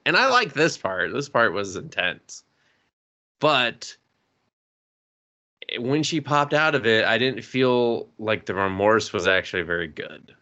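Sarcastic, swearing podcast host. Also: male voice, on the low side, lively intonation, measured pace, pauses often, sharp tone. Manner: swearing, sarcastic, laughs often. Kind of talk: casual chat.

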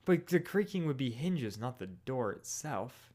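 Relaxed male podcast co-host. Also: medium pitch, a little slow. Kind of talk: casual chat.

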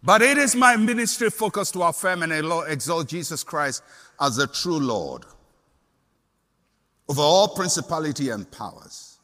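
An older Ghanaian man preaching a sermon as pastor, impassioned and rising to shouts on repeated declarations. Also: on the high side, expressive, moderate pace, long reverb tail.

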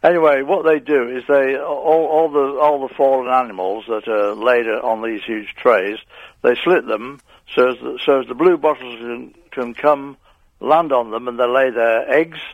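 A man's voice: medium pitch, dry recording. An elderly man in his eighties phones in to a radio show, stumbling and restarting his words as he goes. His voice sits mid-range and comes through dry and a little muffled over the line. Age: 80s. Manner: halting, repeats words often. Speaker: caller. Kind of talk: phone-in chat.

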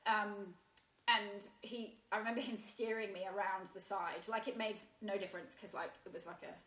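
A woman telling a painful personal story in a halting way, with many restarts and fillers. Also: medium pitch, steady tone, a bit bright. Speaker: guest sharing a personal story. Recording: roomy echo.

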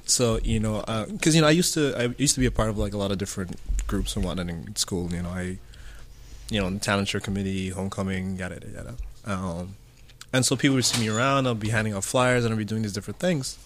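A man's voice: lowish voice, slight background noise. A man hosting a casual panel chat, talking in a loose way with plenty of fillers. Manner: quick, loose talk with many fillers.

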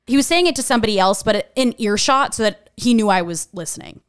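A young adult woman telling a personal story in a casual, animated way. She talks chattily, swears freely and says "like" a lot. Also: a little high, quick pace, clean tone, dry recording, clean studio sound.

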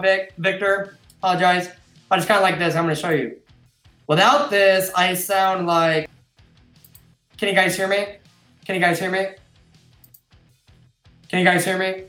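A man with a high voice hosts a casual live stream and reads viewer comments aloud. He talks into a desk microphone with a close, dry sound. He rambles in a chatty way, laughing and restarting his sentences. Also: a bit bright, no room sound. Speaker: host and admin of a trucking group. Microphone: desktop microphone.

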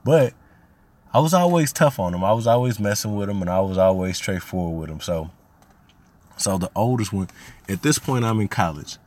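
A man's voice: lowish voice, expressive, moderate pace, a little mellow. A man from Arkansas, hosting a podcast and telling family stories in a slangy, rambling way that turns heated when he is riled. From Arkansas, USA. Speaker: podcast host. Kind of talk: casual storytelling monologue.

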